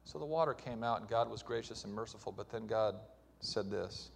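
A male pastor preaching a sermon, with loud emphatic stretches and quieter hushed lines. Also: on the low side, a little fast, creaky.

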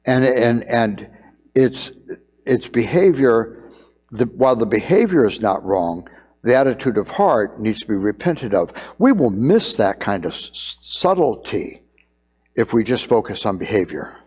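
A man's voice: medium pitch, very animated, measured pace, a little mellow, slightly rough. Man, middle-aged, pastor, earnest sermon, emphatic repetition, echoing hall.

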